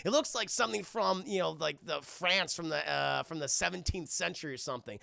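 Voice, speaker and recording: A man's voice: on the high side, fairly quick, creaky, pushed and bright, no room sound. A man recapping a cartoon on a livestream, rambling and swearing and talking straight to his chat. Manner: profane, rambling, talks to chat. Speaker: streamer and cartoon reviewer.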